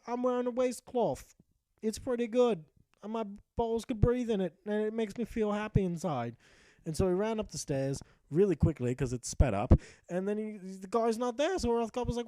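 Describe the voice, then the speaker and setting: A man's voice: high-pitched, expressive, fairly quick, mellow, no echo. A young man giving profane, mock-epic narrated commentary over a game he plays. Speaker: gaming commentator. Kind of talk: comic narrated gameplay commentary.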